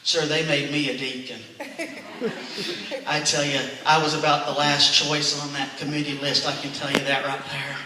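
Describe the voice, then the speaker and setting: At a church, a middle-aged comedian tells funny stories stand-up style, chuckling and addressing the crowd as sir and ma'am. His fairly high voice is flat and moderately paced, and the echoey hall, distant mic and background noise color the sound.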